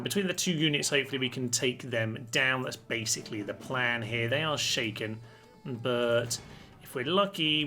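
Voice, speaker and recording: A man's voice: mid-range voice, bright, forceful tone. A man giving cheerful, chatty commentary while playing a strategy game, with a touch of mock grandeur. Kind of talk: let's-play commentary.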